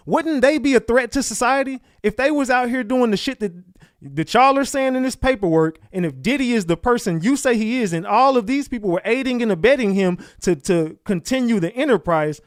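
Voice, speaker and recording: A man's voice: sits high, no room sound. A man hosting a casual livestream, talking over gossip and firing rhetorical questions at viewers. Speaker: livestream host.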